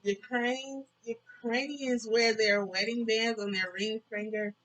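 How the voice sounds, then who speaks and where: A woman's voice: fairly high pitch, steady tone, slow pace, fairly bright tone, low-quality recording. A woman co-hosting a casual snack-tasting vlog, curious and asking questions, reading out fun facts.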